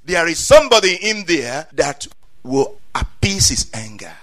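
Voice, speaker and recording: A male preacher giving a fervent sermon, saying amen often, repeating phrases and rising to loud peaks. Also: high voice, very animated, a little slow.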